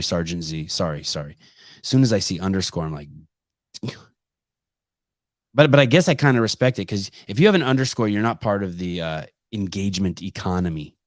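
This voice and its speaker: Low-voiced podcast host, profane and animated. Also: male voice, no echo, clean studio sound. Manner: animated, profane, many restarts. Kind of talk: live call-in podcast chat.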